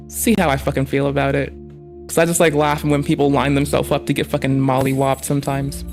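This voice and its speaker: A streamer doing reaction commentary on a livestream, talking in a heated, sarcastic way with lots of swearing and sounding annoyed. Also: mid-range voice. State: annoyed and frustrated.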